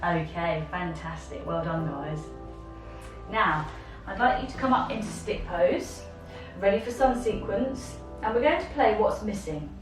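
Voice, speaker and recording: A woman's voice: mid-range voice, expressive, unhurried, reverberant, far from the mic, music in the background. A woman teaching an online yoga lesson for children, encouraging them step by step.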